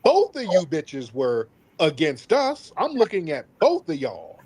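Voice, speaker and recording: Male host, high animated voice, emphatic and scolding commentary. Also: a little slow, husky. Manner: emphatic, scolding, repeats himself; mimics others in mocking voices. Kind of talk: opinionated commentary on a call-in news show.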